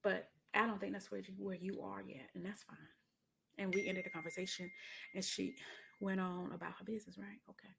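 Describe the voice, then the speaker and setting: Middle-aged woman podcast host, mid pitch with some fry, casual chatty delivery, says honey. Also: flat delivery, brisk, fairly bright tone, a little hiss or hum. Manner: chatty storytelling, calls listener honey.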